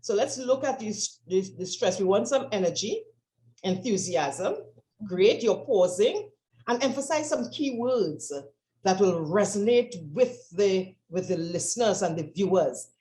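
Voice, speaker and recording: Brisk woman coaching over a roomy call. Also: medium pitch, animated, mellow. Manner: brisk, encouraging directions. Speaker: presentation coach. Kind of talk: online coaching session. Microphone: video call.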